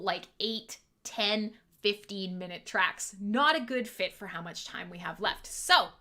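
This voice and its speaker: A woman's voice: medium pitch, bright, forceful tone. A woman hosting a casual livestream from home, joking with her chat in a profane, sarcastic, self-mocking way. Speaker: livestream host.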